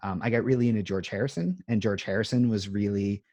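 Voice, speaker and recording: A low-voiced man in his thirties talks over a video call from his home music room. He rambles in a self-deprecating way, with lots of ums and uhs. The sound is dry and close. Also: fast, a little mellow, no echo. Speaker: interview guest. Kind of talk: casual chat.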